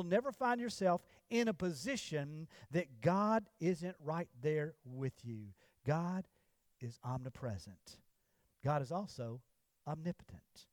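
A man preaching a sermon in a church, with emphatic declarations that drop to low, hushed phrases. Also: lively intonation, takes it slowly, no echo. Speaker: pastor.

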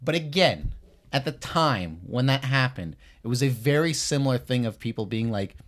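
A man's voice: mid-range voice, expressive, moderate pace, a bit bright. A man from Canada co-hosting a casual podcast, with an ordinary mid-range voice. He talks bluntly and emphatically, swearing freely as he makes his case. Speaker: podcast co-host.

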